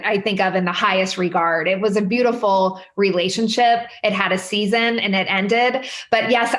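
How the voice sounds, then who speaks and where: A woman in her forties telling personal stories as a podcast guest, animated, with lots of fillers and sudden high quoted voices. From Midwestern United States. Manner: animated, many fillers, jumps up in pitch quoting others. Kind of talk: candid conversational storytelling. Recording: roomy echo.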